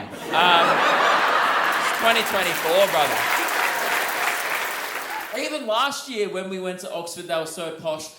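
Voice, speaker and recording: Australian man in his late 20s, cheeky stand-up delivery, fairly high voice, echoey theatre. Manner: cheeky, animated storytelling with crowd work. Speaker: stand-up comedian. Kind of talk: stand-up comedy. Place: theatre stage before a live audience. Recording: echoey live venue, loud noise.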